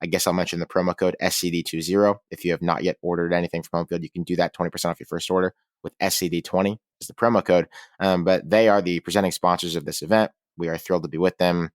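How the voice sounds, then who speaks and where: This low-pitched man talks quickly in a level tone as co-host of a casual college football podcast. He chats conversationally and reads the sponsor spots with enthusiasm. The recording is dry, with clean studio sound.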